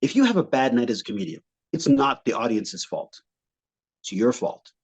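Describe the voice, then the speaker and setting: Animated comedian from Montreal. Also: male voice, medium pitch, normal speed, husky, rough recording. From Montreal, Canada. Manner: animated storyteller, slips into funny voices and accents. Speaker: comedian guest. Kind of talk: casual podcast chat with impressions.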